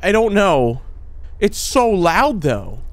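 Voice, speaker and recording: A young man talks his way through a horror game, his voice a touch high and swinging widely between hushed muttering and sudden shrieks. He chats to viewers in a loose, jumpy way, laughing nervously at the scares. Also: very animated, slow, dry recording. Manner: jumpy, chatty, calls viewers "dude". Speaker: gaming YouTuber.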